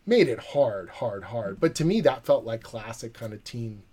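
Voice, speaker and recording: A man, a comic book writer, telling a lively anecdote in a podcast interview and acting out the quoted dialogue. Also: mid-range voice, normal speed, a crowd in the background.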